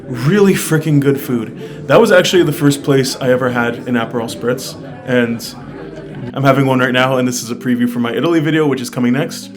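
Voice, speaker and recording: A man's voice: medium pitch, a little fast, music in the background. Chatty young man reviewing his travels. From United States. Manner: chatty, many fillers, candid and upbeat. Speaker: travel vlogger. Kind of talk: casual vlog review.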